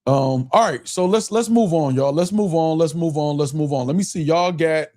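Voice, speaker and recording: A man's voice: fairly high pitch, moderate pace, a little mellow. Chatty, laughing man hosting a live stream. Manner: loose, chatty, laughs often, reads chat aloud. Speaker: live show host. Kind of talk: casual live stream commentary.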